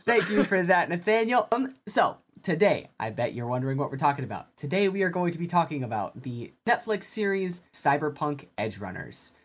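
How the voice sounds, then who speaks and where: A woman hosting a casual podcast chat, measured and deadpan, a little like a newscaster. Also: low-pitched. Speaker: podcast host.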